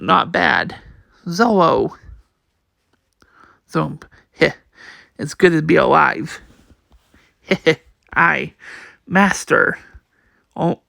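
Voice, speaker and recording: Guy slowly reading a manga out loud, super gravelly, dry close sound, trips on words a lot. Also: fairly high pitch, no echo. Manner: halting, repeats words, reads sound effects aloud. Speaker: comic reader. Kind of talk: reading manga aloud, voicing all parts.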